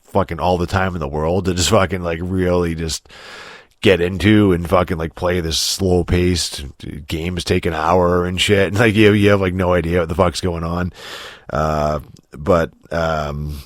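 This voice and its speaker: A man's voice: low voice, flat delivery, unhurried, no room sound, clean studio sound. A man hosting a podcast in casual chat, rambling and swearing, full of restarts and fillers. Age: adult, getting older. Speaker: podcast host.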